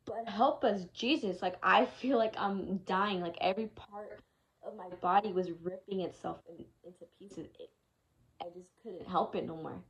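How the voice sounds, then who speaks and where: In a casual vlog with poor audio, a young adult woman with a mid-range voice tells a personal story at a moderate pace. Her retelling is candid and emotional, her tone frustrated and exasperated, and she swears freely.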